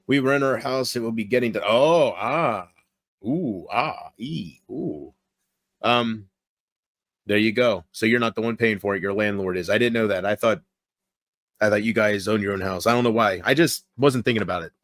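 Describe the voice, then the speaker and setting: A man streaming late at night. He keeps his voice low and rambles casually while talking straight to his viewers. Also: a little fast, dry recording, clean studio sound. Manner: relaxed, rambling, talks straight to viewers in chat. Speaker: livestreamer.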